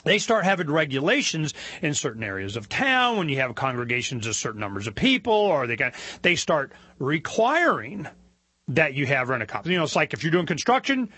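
A man hosting a talk show, telling a story in an animated, indignant rant that climbs in pitch as he gets worked up. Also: no echo. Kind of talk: opinionated monologue.

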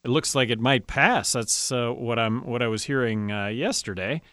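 A man who is a former governor, speaking as a guest on a radio talk show in a halting way, full of fillers. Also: mid-range voice, a bit bright, dry recording, clean studio sound. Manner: halting, many fillers and restarts. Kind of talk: casual radio interview.

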